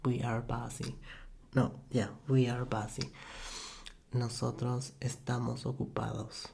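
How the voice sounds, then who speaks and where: Slow, gravelly soft-spoken man. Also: medium pitch, little pitch movement. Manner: halting, self-correcting, with soft laughs. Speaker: ASMR language tutor. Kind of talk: soft-spoken ASMR lesson. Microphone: USB desk microphone.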